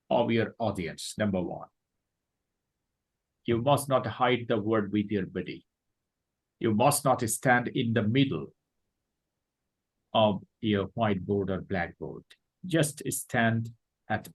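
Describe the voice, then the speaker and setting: A man with a Bangladeshi accent lecturing a class as a teacher, deliberate and repeating his points. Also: medium pitch, slightly rough, poor audio.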